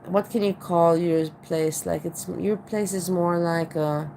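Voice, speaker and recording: An Austrian-accented woman chats in a loose, rambling way, circling back and repeating herself as she talks. Her voice sits a little low, and there is a faint hiss under the recording. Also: fairly even intonation, unhurried, warm tone, poor audio. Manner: rambling, with many restarts and repeated "you know". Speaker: vlogger. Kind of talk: casual chat.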